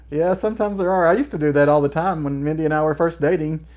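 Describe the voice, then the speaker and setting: A man's voice: a little high, fairly even intonation, a little fast, darkish tone. A middle-aged man hosting a livestream, chatting casually and laughing often as he reads viewer comments. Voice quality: laughs often between remarks. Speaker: livestream host.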